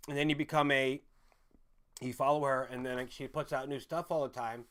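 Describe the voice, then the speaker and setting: A man's voice: mid-range voice, fairly even intonation, brisk, a bit bright, clean tone. Rambling apologetic young man streamer. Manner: rambling, repeats himself, apologetic. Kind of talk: casual rambling chat.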